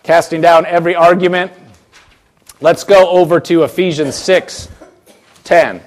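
A man with a high voice delivers a sermon from the pulpit. He speaks emphatically, repeating phrases and circling back with restarts as he presses each point. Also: steady tone, a little slow. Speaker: pastor.

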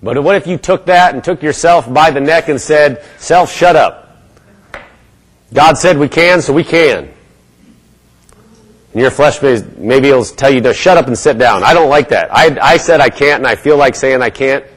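Preaching man, lively and emphatic. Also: mid-range voice, normal speed, low-quality recording. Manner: acts out a gloomy mumbling inner voice, then lifts to bold declarations. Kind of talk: sermon.

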